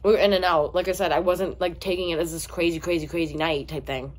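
A young woman vlogger chatting casually while eating, with lots of "like", and acting out her own and others' lines in a higher voice. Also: fairly even intonation, quick pace. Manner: chatty, heavy use of "like", acts out dialogue with a raised pitch. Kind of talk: casual storytime chat. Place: indoors at home, eating on camera.

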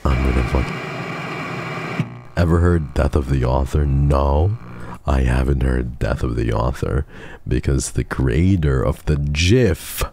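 A man's voice: extremely low pitch, slow pace, gravelly, mellow, slight background noise. A man streaming a game, bantering with his chat in a teasing, profane, mock-menacing way. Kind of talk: casual gaming stream chat.

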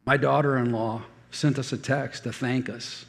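An older male pastor delivers a sermon, weaving personal stories into repeated, emphatic phrases. His voice has a gravelly edge at a middling pitch. The sound carries a long reverb from a large church hall. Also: steady tone, normal speed.

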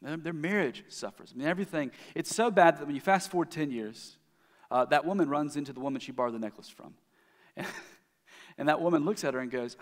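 A man's voice: medium pitch, quick pace. A man giving a sermon as the pastor, telling a story in a conversational way with frequent restarts. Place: church sanctuary. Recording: long hall reverb.

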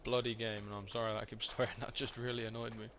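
A man's voice: fairly low pitch, little pitch movement, fast talker, fairly bright tone, a little hiss or hum. A man, casually muttering commentary over his gameplay and swearing freely. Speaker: gaming video creator.

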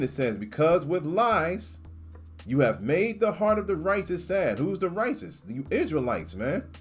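A man's voice: a little high, darkish tone, husky. A man reading scripture aloud and commenting on it with emphatic, slangy asides, often tacking "man" onto his points. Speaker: scripture teacher.

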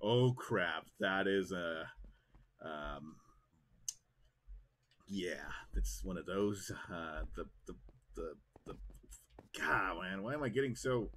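A young man giving excitable, jokey live commentary while streaming a game. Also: on the low side.

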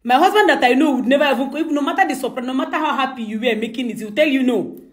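In a casual chat at home, a woman employer coaxes and insists, laughing often along the way. She talks very fast in a voice that sits high.

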